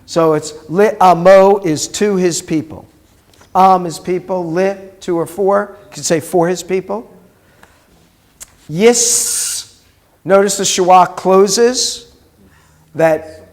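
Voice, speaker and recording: A man with a fairly high voice leads a Hebrew class at an unhurried pace. He is a rabbi who drills vocabulary and walks students through pronunciation one step at a time. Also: a little mellow. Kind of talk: classroom teaching.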